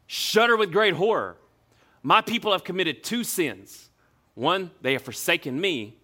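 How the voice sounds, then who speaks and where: A man preaching a sermon to his church, animated and dropping low and slow when he reads scripture. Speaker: pastor.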